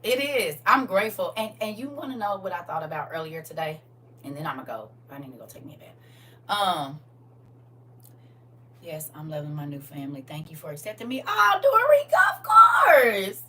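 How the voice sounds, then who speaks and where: A woman hosting a casual livestream chat with her viewers, swinging from soft murmurs to loud, excited exclamations. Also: on the low side, moderate pace. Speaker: livestream host. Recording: distant mic with faint background hum.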